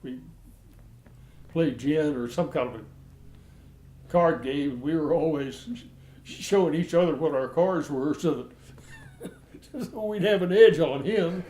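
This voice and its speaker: A man's voice: a little high, measured pace, long pauses, mellow. Older man reminiscing with chuckles. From United States. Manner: rambling, chuckling storyteller with frequent restarts. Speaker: interviewee. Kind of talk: casual reminiscing interview.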